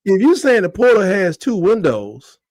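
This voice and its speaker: A man hosting a casual sports debate, animated and teasing, firing off repeated punchy jabs. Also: high voice, moderate pace, no room sound, low-quality recording. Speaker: podcast host.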